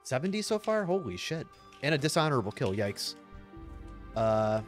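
A man streaming a game live, reacting excitedly with laughter and constant swearing while talking to his chat. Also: mid-range voice, normal speed, faint music behind. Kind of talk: live gameplay commentary.

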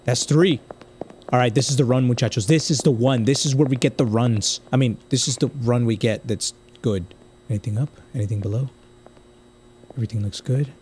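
A young man from the United States commenting casually on a game he plays, swinging from quiet muttering to loud outbursts. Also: mid-range voice, slight background noise. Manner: excitable, swings from muttering to yelling. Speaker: gaming streamer.

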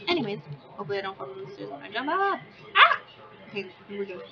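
A woman's voice: medium pitch, big pitch swings, quick pace. Chatty woman gaming host, lo-fi. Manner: chatty, talks to her pet in baby talk. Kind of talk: casual gameplay commentary. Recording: dull lo-fi with game crowd noise.

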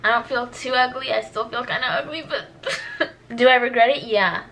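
A woman's voice: fairly high pitch, normal speed, pushed and bright, slight background noise. A young woman vlogging casually at home, dramatic and exasperated, mocking herself. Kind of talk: casual vlog. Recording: echoey room, camera a bit distant.

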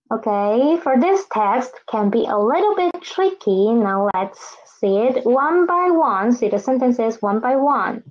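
A woman teaching a beginners' Mandarin lesson in a slightly raised voice. She drills words with great patience and very slow pacing, repeating each one for learners to echo. The recording sounds somewhat dull and lo-fi. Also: sits high, big pitch swings. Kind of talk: online language lesson.

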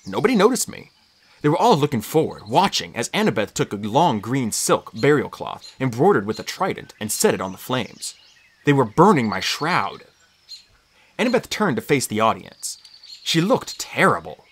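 An audiobook reader narrating a story in first person with lively, expressive storytelling. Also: medium pitch, normal speed, breathy edge.

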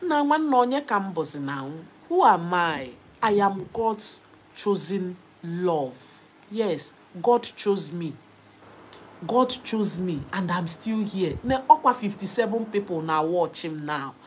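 A young Nigerian woman hosting a casual live stream, lively, reading out viewer comments and mixing in Igbo and Pidgin. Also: fairly low pitch, measured pace, slight background noise. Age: young adult.

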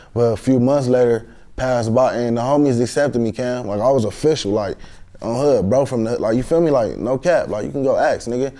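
A man's voice: medium pitch, dark tone. A young man, a guest telling a story in an interview in a slangy street manner with many fillers.

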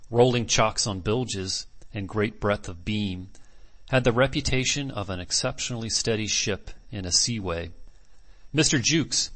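A man narrating a classic novel as an audiobook in measured, deliberate phrases. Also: lowish voice, a bit bright.

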